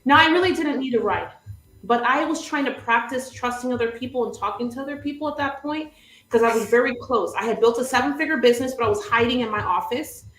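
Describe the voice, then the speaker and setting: A woman's voice: on the high side, fast, fairly bright tone, reverberant, rough recording. A woman coach hosting a livestream, telling a story vividly and laughing often. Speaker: business coach, show host.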